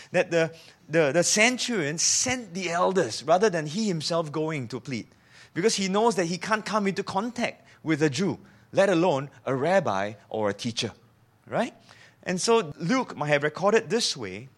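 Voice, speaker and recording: A man's voice: fairly high pitch, a bit bright. A man preaching a sermon in a conversational way, asking his listeners questions and acting out quoted lines. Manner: acts out quoted speech in shifting voices.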